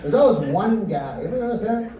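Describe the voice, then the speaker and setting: A deadpan male comedian rambles through a stand-up set in a high, light voice. The recording is muffled and roomy, picked up from far back in a comedy club, with a loud crowd laughing around him. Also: fast. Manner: deadpan, rambling asides with mock-earnest quoted voices. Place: comedy club stage before a live audience. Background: audience laughter and crowd noise.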